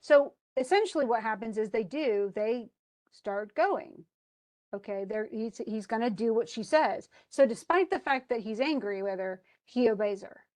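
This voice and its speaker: Woman teacher, kinda high voice, super casual, lots of um and you know, retelling an old epic to the class. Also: lively intonation, normal speed, a little mellow. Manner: chatty and informal, many fillers and restarts.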